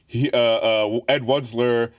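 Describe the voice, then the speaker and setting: A man's voice: mid-range voice, steady tone, slow pace. A man co-hosting a podcast review, chatting casually, laughing often and acting out quotes. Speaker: podcast co-host.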